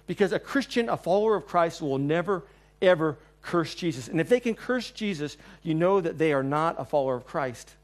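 A man preaching a sermon in a church. He tells the story with energy, acts out the quotes, and moves between loud and quiet passages. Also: fairly high pitch, fairly quick. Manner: animated storyteller, acting out quotes, swings between loud and soft.

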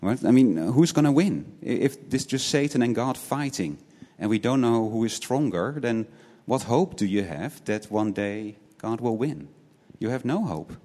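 A man's voice: mid-range voice, animated, measured pace, few pauses, dark tone. A man preaching a sermon in an earnest way. He often repeats words as he restarts and tags his points with rhetorical questions. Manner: asks many rhetorical questions, tagging points with "right?". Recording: long hall reverb.

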